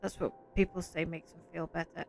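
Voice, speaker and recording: A woman's voice: fairly low pitch, level tone, fairly quick. A woman commenting casually on a story game with sarcastic, mocking asides. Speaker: co-host guest. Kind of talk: casual let's-play commentary.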